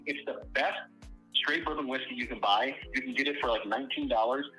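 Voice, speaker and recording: A man's voice: mid-range voice, brisk, music in the background, low-quality recording. A man calling in to a podcast, rambling and stammering, repeating his words as he talks. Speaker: caller. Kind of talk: call-in banter.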